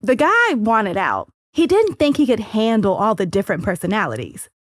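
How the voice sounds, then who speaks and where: A woman hosting and narrating a documentary-style podcast in a measured, storytelling way. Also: medium pitch, very animated, no room sound, clean studio sound.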